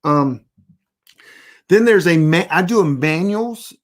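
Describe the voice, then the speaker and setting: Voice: mid-range voice, slow. Rambling, blunt preparedness class teacher. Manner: rambling, self-interrupting, anecdotal; blunt and deadpan about serious points. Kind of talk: casual live online class.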